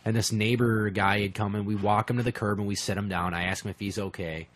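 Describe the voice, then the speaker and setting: A man co-hosting a podcast, telling a crude, profane story in a lively way and putting on the voices of the people in it. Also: lowish voice, fast. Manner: profane, animated storyteller who acts out quoted voices. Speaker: podcast co-host.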